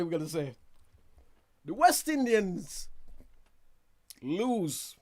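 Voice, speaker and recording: A man hosting a casual news roundup from a studio, chatty and quick to laugh at himself, with asides to his viewers. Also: high-pitched, sing-song. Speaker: news show host.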